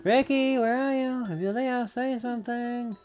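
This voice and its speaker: A man voicing a frantic young male civilian searching for a lost friend, with a shrill, wailing delivery that swings between laughing and sobbing. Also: steady tone, quick pace, faint music behind, lightly acted. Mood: anxious.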